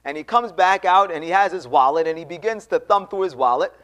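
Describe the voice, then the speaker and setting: A man preaching a sermon in a church, telling a story with animated delivery and acting out the dialogue. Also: fairly high pitch, brisk. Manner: animated, acts out dialogue, addresses congregation.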